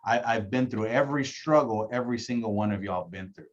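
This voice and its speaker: A man's voice: lowish voice, brisk. Coaching man, muffled lo-fi sound. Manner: coaching, acts out phone calls, repeats "right?". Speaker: insurance agency director. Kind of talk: casual training talk.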